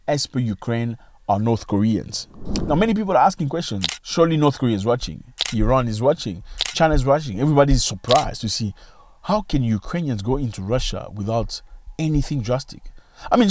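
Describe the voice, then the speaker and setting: A man's voice: a little mellow, a little hiss or hum. Emphatic man giving opinion commentary. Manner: emphatic, asks rhetorical questions, swings pitch widely. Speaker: video commentator. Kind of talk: opinion commentary on current events.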